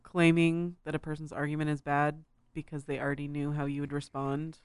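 A co-host joins in on a commentary show, mostly with brief interjections and short asides. The talk is casual and quick. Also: mid-range voice, level tone, smooth, no room sound. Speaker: podcast co-host.

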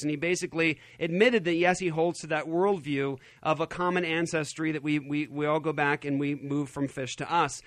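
A man hosting a radio talk show in a studio, arguing in an animated, emphatic way. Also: on the high side, a little fast, no room sound. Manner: animated, emphatic, laughs often. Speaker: radio host.

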